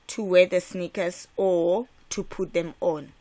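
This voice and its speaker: A woman's voice: fairly low pitch, fairly even intonation, slow, warm tone. A woman from South Africa teaching an exam revision lesson, emphatic and repetitive, with frequent restarts. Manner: emphatic, repeats key points, frequent filler restarts.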